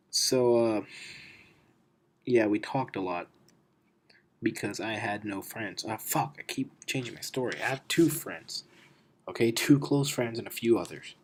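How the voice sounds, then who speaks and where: A man's voice: lowish voice, moderate pace, long pauses, a little hiss or hum. A teenage boy with a stuffy nose rambling through a storytime monologue in his cold bedroom, self-mocking, swearing and losing his thread, recorded on a built-in computer mic. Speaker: vlogger. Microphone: built-in computer microphone.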